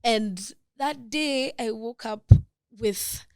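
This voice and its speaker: A young woman with a Kenyan accent, a guest in an interview, telling a personal story in an emotional, halting way with many restarts. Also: a little high, dry recording, clean studio sound. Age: young adult.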